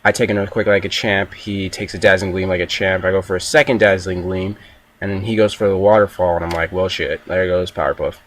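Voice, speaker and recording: Young man, lowish voice, profane, animated battle commentary, casual. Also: fast. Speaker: gaming video commentator.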